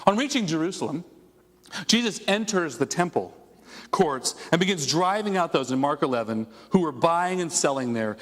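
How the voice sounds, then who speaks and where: A man's voice: on the high side, in a large hall. A man preaching a conversational sermon as a pastor, asking his congregation rhetorical questions. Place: church sanctuary.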